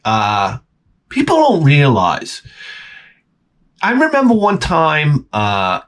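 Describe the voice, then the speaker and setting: Lively, swearing man in his forties. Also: on the high side, slow pace. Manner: grumbling, swears freely, jumps between complaints. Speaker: channel host. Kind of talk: profane comedic rant.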